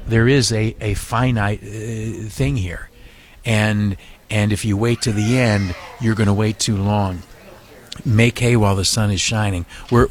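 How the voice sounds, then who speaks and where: A man with a fairly low voice pleads earnestly over a studio microphone during a live radio charity drive. He stammers, repeats himself and fills gaps with hesitations as he urges listeners on. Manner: earnest, repetitive pleading with frequent stammers and fillers. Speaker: radio host running a hospital fundraiser.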